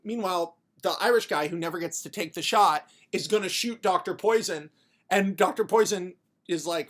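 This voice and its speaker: Podcast host, comedic story pitch, rambling, swearing a lot. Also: normal speed. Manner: profane, rambling, animated.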